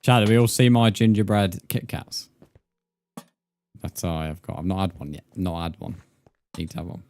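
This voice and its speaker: A man's voice: sits low, moderate pace, darkish tone. A young English man streaming a game, chatting casually and joking with his viewers, with faint music behind him. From England. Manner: chatty, joking, swears freely, reads chat aloud. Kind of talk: casual live-stream chat while gaming.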